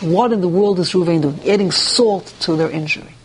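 A man's voice: sits high, brisk, few pauses, husky. A man teaching a Torah class who reads verses and then explains them, with rhetorical questions and the odd restart. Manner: animated, with rhetorical questions and mock dialogue; restarts and searches for words.

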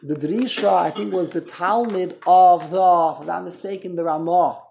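A man's voice: high-pitched, normal speed, gravelly, a little mellow, a little hiss or hum. A man teaching an informal Torah class, conversational, quizzing his listeners and correcting himself as he goes.

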